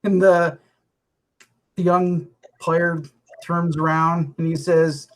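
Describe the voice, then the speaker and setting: A podcast co-host who talks in a reflective, measured way. The pace is extremely slow and unhurried. The pitch sits at a middle level. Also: level tone, rough recording. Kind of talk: casual podcast chat.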